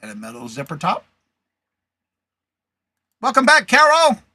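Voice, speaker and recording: A high-voiced, bright and sharp-toned man hosts a live reseller show. He chats casually, reads out viewer comments and greets people by name. The sound is close and dry, with no room echo. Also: wildly swooping pitch, a little slow. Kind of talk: casual live-stream chat.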